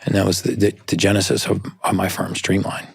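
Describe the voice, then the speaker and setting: A man with a low, slightly husky voice talks as an interview guest. He explains in an earnest, candid way, with a dry, close sound. Thoughts come in short, restarting phrases. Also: monotone, fairly quick, no echo. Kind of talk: conversational interview.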